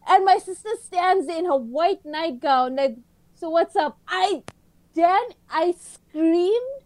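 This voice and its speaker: A woman co-hosting a casual podcast chat, telling a story in an excitable, dramatic way. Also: very high-pitched, a little slow, dry recording. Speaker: podcast co-host.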